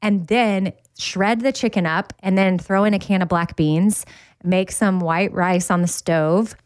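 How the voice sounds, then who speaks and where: A woman co-hosting a podcast, talking in a relaxed, chatty way and laughing easily. Her voice sits in a middle pitch. It is recorded close and dry, with no room sound. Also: unhurried, smooth, no room sound. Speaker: podcast co-host. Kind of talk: casual chat.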